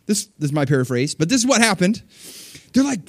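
A man preaching a sermon, retelling scripture in an animated way, swinging between hushed and loud and laughing often. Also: high voice, a little fast, no echo. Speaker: pastor.

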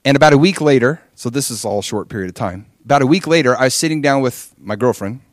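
A man in his forties preaches to his congregation, telling a testimony with lively storytelling and acted-out dialogue. His voice sits at an ordinary middle pitch. The sound is dry and close, with no room echo. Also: fast talker. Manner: animated storytelling, acts out his own past prayers and dialogue. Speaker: pastor. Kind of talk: sermon with personal testimony.

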